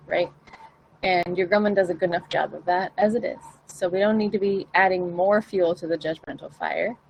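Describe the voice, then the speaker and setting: Woman, vocal coach, casual to-camera lesson, encouraging, gravelly fry, faint background noise. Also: on the low side, poor audio. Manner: encouraging, acts out her own inner questions.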